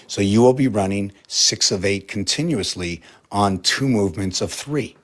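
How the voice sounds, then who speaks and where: A man's voice: lowish voice, moderate pace. A man in a casual vlog, rambling through an explanation and asking many rhetorical questions. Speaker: vlogger.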